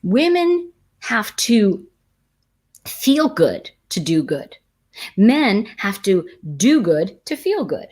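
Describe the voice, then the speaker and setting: A woman's voice: mid-range voice, big pitch swings, slow, a little mellow. A middle-aged woman hosting a live tarot chat, teaching casually and telling stories while reading viewer comments. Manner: chatty, storytelling, reads viewer comments aloud. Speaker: tarot teacher and livestream host.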